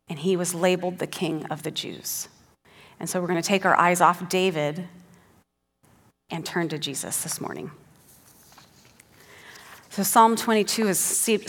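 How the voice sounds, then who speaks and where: A woman's voice: lowish voice, a bit bright, big-room sound. A woman giving an earnest sermon who teaches the passage and reads scripture aloud with rising emphasis. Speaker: preacher.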